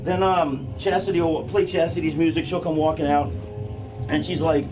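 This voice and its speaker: A man's voice: fairly high pitch, fairly even intonation, normal speed, recorded from a distance, over music, rough recording. A man backstage walking through a planned wrestling match, rambling and profane, with many fillers and restarts.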